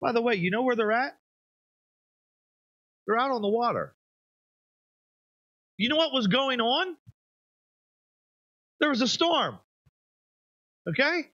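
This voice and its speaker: A man preaching an evening sermon, emphatic, pushing his voice up high for stress and dropping it low and quiet. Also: expressive, takes it slowly, long pauses, no echo, dull audio. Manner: emphatic, rises and drops sharply for effect. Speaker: pastor.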